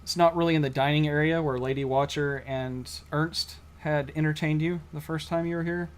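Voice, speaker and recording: A man narrating a tabletop role-playing game as game master, casual and halting with many fillers. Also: fairly high pitch, steady tone, clean tone.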